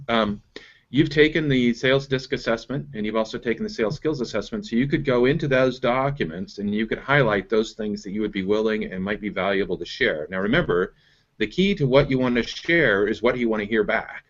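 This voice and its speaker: A man's voice: medium pitch, fairly quick, a bit bright, highs cut off. A man hosting as a business coach, explaining methods step by step and checking in with "right?". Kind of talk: coaching conversation on a call.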